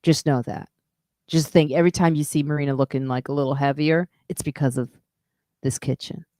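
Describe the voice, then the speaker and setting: Low-voiced woman comedian chatting. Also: steady tone, a little fast, mellow, no room sound, clean studio sound. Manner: chatty, self-deprecating, trails off and restarts. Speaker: comedian and podcast host. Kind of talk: casual live-stream storytelling.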